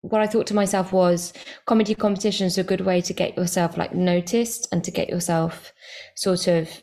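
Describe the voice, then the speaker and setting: A chatty woman comedian talking casually as a guest in an interview. Her voice sits fairly low and has a gravelly edge. She often restarts her sentences and fills the pauses. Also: flat delivery, a little mellow. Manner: chatty, self-correcting, many fillers.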